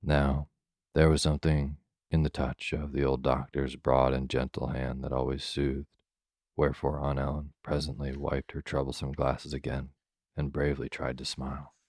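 A man reading a calm bedtime story in a very deep, steady voice. His delivery is slow and soothing with little rise and fall. The sound is dry and close to the mic. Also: no room sound.

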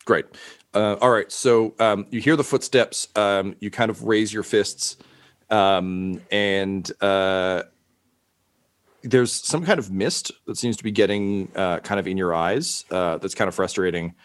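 A man's voice: fairly low pitch, unhurried, no room sound. A man running a tabletop game as game master, narrating hesitantly with many fillers.

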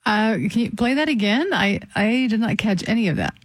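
A woman's voice: on the high side, brisk, no room sound. A woman who reads the news on the station, co-hosting in casual, agreeable and hesitant banter. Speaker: newscaster and co-host.

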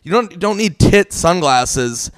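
A man's voice: sits high, lively intonation, unhurried, smooth, dry recording, clean studio sound. A man telling stories in a casual podcast chat, swearing freely and rambling. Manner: profane, rambling storyteller.

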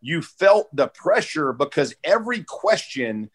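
A man's voice: a little high, sing-song, measured pace, breathy edge. A man in his forties, a former football player, telling stories in a casual, heartfelt way, peppered with "bro" and "dude". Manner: laid-back, peppers talk with "bro" and "dude"; heartfelt, close to tears. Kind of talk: casual podcast storytelling.

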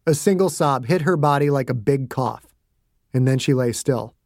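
A man's voice: mid-range voice, moderate pace, gravelly, darkish tone, no echo, clean studio sound. A man narrating his own fiction as a scripted audiobook with dramatic delivery. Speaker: author and narrator.

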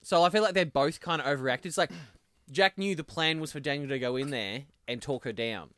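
A man chatting casually about a TV episode, animated and acting out characters' lines. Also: a little high, brisk, no room sound. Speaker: podcast co-host discussing a TV episode. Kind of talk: casual chat.

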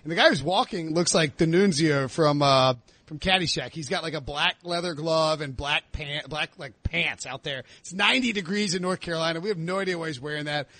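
A man hosting a podcast, telling a story in casual chat and acting out the shouted lines. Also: on the high side, brisk, hardly any pauses, dry recording. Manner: animated storyteller, acts out shouted quotes. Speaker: podcast host.

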